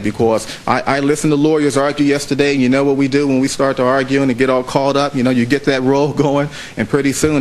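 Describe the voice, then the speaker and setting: Lawyer guy giving his closing to the jury, steady mid voice, says things twice to drive them home, courtroom. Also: medium pitch, slight background noise, rough recording. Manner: measured, repeats phrases for emphasis. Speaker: trial lawyer.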